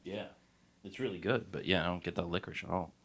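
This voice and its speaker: A man co-hosting a casual podcast and minding the sound levels, relaxed and agreeable, on a desk mic. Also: low voice, fast talker. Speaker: podcast co-host running the sound board. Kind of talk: casual chat.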